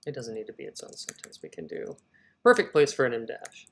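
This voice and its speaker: A man's voice: mid-range voice, huge pitch swings, brisk, vocal fry, a bit bright, a little hiss or hum, low-quality recording. A man in the middle of a writing session, reading his draft prose aloud in an ordinary mid-range voice. He reads a stretch of narration, breaks off to weigh a phrase or suggest an edit under his breath, then returns to the text. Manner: talks to himself while editing. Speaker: fiction writer.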